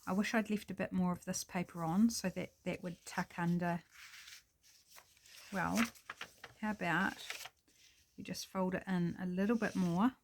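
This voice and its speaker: A woman's voice: fairly low pitch, steady tone, a little slow, vocal fry, pauses often, a little hiss or hum. Chatty New woman crafting at home. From New Zealand. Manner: chatty and self-deprecating, apologizes and muses while working. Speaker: craft tutorial host. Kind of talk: casual crafting tutorial, thinking aloud.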